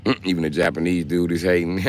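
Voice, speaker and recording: A man talks in a deep, low register. He streams live and jokes with his viewers in a brash, profane, trash-talking way. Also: a bit bright, slight background noise. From Milwaukee, Wisconsin. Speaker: livestreamer. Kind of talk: casual live-stream chat.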